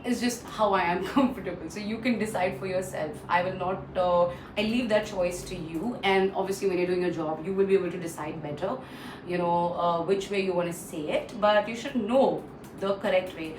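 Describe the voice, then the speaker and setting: A woman with an Indian English accent teaching English pronunciation in a casual lesson, repeating words slowly and mixing in Hindi phrases. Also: lowish voice. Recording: echoey room, distant mic, faint noise.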